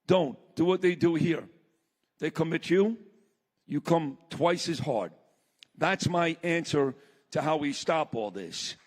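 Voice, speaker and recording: A man takes his time in a fairly high voice, delivering a blunt, impassioned speech and telling a story from stage at a summit. Long large-hall reverb trails his words.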